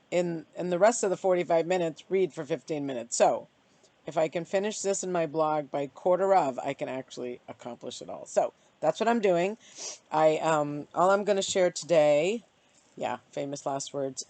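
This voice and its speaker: A woman vlogging casually to camera, reflecting out loud in a halting, searching way with many pauses and fillers. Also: low-pitched, no echo. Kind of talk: casual self-reflective vlog. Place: bright outdoor spot.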